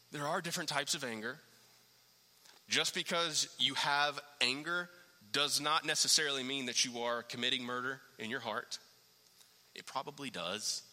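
A man preaching a sermon in a fairly high, very bright and cutting voice. He is animated, dropping low and quiet, then climbing to loud emphasis with rhetorical questions. A long reverb of a large hall hangs on every phrase. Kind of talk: expository sermon.

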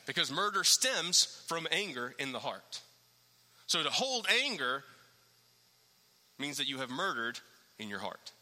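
A man preaching a sermon in a fairly high, very bright and cutting voice. He is animated, dropping low and quiet, then climbing to loud emphasis with rhetorical questions. A long reverb of a large hall hangs on every phrase. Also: measured pace, long pauses. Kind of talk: expository sermon.

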